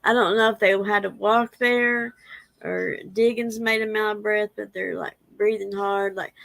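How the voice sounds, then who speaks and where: A woman's voice: mid-range voice, steady tone, a little slow, vocal fry, a bit bright, low-quality recording. A woman, rambling in a casual livestream chat and reading viewer comments aloud. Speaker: livestream host.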